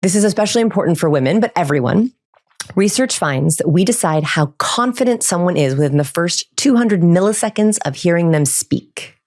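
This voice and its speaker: A woman guest on a podcast, explaining body language in lively chat and demonstrating tones of voice. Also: fairly low pitch. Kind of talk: casual expert chat.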